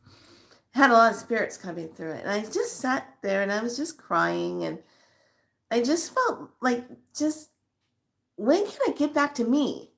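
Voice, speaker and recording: Middle-aged woman vlogger, fairly high voice, animated emotional storyteller. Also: a little slow, vocal fry. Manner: emotional, animated retelling with acted quotes. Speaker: spiritual vlogger. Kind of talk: personal storytelling to viewers.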